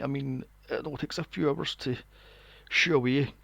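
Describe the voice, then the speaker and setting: A man's voice: mid-range voice, fairly even intonation, moderate pace, gravelly, a bit bright, dry recording. A man in his forties, co-hosting a podcast, ranting sarcastically and swearing while reviewing a movie. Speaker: podcast co-host. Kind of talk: casual movie review chat.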